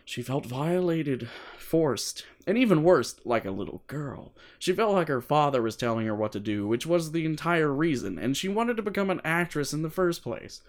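Animated, swearing male podcast co-host. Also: on the high side, normal speed, few pauses. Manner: animated, swears freely, jokey. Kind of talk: casual chat and reading a book aloud.

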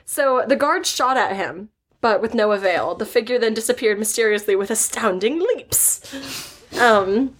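A woman's voice: fairly high pitch, animated, a little slow. A woman co-hosting a podcast, telling stories in a rambling, giggly, casual chat. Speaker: podcast co-host.

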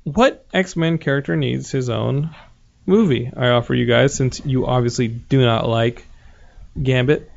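A man's voice: medium pitch, gravelly, a little mellow, highs cut off. A man hosting a podcast, chatting casually and joking with his guests. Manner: jokey, quick banter, laughs often. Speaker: podcast host. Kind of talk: casual chat.

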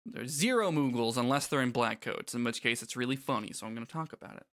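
A man's voice: mid-range voice, fast, fairly bright tone. A man co-hosting a casual podcast, reading game dialogue aloud and joking with profanity. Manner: profane, jokey, laughs often. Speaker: podcast co-host.

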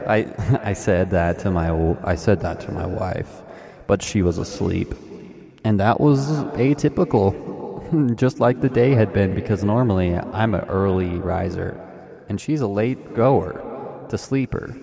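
Deadpan rambling man, low voice. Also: creaky. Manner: deadpan, meandering, self-mocking. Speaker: podcast host. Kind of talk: comedic rambling monologue.

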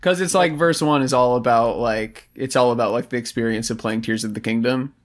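A man's voice: medium pitch, fairly quick. A man co-hosting a podcast in casual chat, rambling with many fillers and swearing freely. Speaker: podcast co-host.

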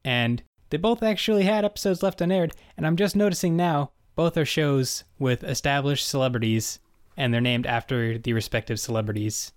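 A man's voice: mid-range voice, moderate pace, no room sound. A young man talks casually as a podcast co-host, walking through facts with easy filler words. His voice sits in a middle range. The sound is dry and close, with no room around it. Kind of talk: casual chat reviewing an old sitcom.

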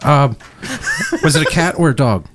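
A man at a tabletop game makes quick, laughing asides in casual chat. His voice sits slightly high and moves around a lot. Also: animated, background noise. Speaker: player.

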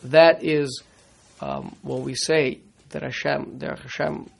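A man teaching a Torah class, halting and repeating words, mixing Hebrew terms into his English. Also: a little high, fairly even intonation, gravelly, slight background noise.

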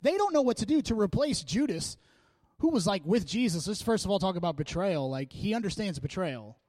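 A man's voice: sits high, a little fast, no room sound. A male pastor preaching a sermon in a casual, joking, fervent way, urging his congregation on. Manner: casual, joking and energetic, with frequent laughs.

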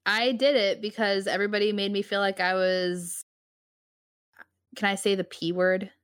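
A woman's voice: mid-range voice, level tone, normal speed. A woman podcast guest in casual chat, telling a story in a frank, vivid way.

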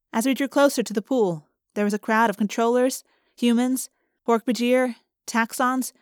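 A woman narrating a first-person novel in a clear, measured storytelling manner. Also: mid-range voice, dry recording, clean studio sound. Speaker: audiobook narrator.

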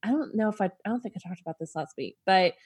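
A woman's voice: mid-range voice, expressive, fast, a little mellow, husky, no echo. A pregnant young woman co-hosting a podcast, candid and wry in casual chat. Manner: sympathetic, many "aw"s, wry and candid. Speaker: podcast co-host.

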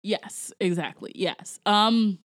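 A woman's voice: medium pitch, slow. A woman from Jamaica co-hosting a casual movie review, chatting loosely with lots of "like" and laughter.

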